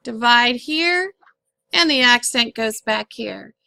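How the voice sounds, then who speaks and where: A woman's voice: a little high, animated, slow pace, sharp tone, no room sound. A woman teacher explaining syllables and accent marks in a patient, step-by-step phonics lesson. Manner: clear, patient, step-by-step instructing.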